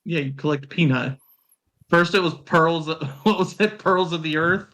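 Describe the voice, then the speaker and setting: A man's voice: fairly high pitch, normal speed, fairly bright tone, poor audio. A man narrating as game master of a tabletop game, often laughing as he describes the action.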